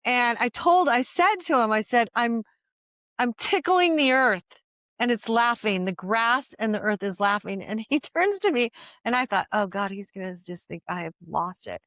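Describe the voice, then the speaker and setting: A woman's voice: on the high side, lively intonation, normal speed, a bit bright, no room sound, studio quality. An older woman talking as a guest in a casual conversation, telling stories animatedly with restarts and laughter.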